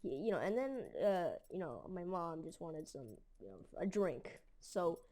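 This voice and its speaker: A woman's voice: on the low side, big pitch swings, measured pace, darkish tone. A woman telling a story casually, rambling with lots of fillers and mild slang. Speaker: storytelling video creator.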